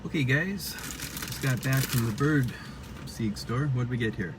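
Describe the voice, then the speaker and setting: A man's voice: medium pitch, a little slow. A man chatting casually while he drives, rambling and poking fun at himself as he records a vlog. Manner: rambling, chatty, self-mocking. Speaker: vlogger. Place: inside a car while driving. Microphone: dash-mounted camera. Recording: distant car mic with road noise.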